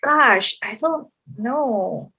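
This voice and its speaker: A woman's voice: a little high, expressive, very slow, sharp tone, slightly rough. A middle-aged woman with a Filipino accent, the hosts' mother, answering questions in a casual podcast chat, hesitant and searching for words.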